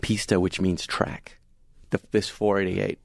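A man's voice: low voice, a little slow, creaky, no room sound. Enthusiastic middle-aged man, dry studio sound. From Massachusetts. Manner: enthusiastic, animated storyteller. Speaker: podcast co-host. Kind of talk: casual car talk chat.

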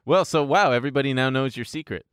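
A man's voice: medium pitch, fast, fairly bright tone, smooth, no room sound, studio quality. A man co-hosting a podcast in loose, joking chat, laughing often and swearing freely. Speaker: podcast co-host. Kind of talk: casual comedic chat.

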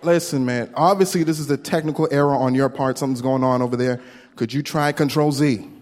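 A man doing a stand-up comedy set, telling a story with quick voice impressions into a handheld stage mic at a live venue. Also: medium pitch, fairly even intonation, a little mellow. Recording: long hall reverb, faint room noise.

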